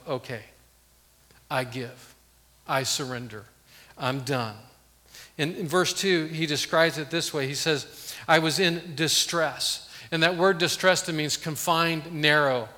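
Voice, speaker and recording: A man preaching a sermon as pastor, earnest, swinging from loud emphasis to hushed, intimate tones. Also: fairly high pitch, unhurried, big-room sound.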